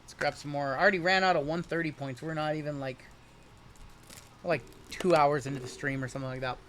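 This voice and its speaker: Young dude hosting a card break, high bright voice, jokey hype talk, faint background hum. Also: male voice, steady tone. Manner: hyped, jokey, rapid running banter. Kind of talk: live-stream card break commentary.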